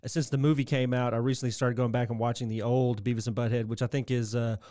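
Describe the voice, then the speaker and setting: A man's voice: medium pitch, little pitch movement, fast, warm tone, no echo, studio quality. A man co-hosting a podcast, chatting enthusiastically and rambling a little. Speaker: podcast co-host. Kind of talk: casual chat.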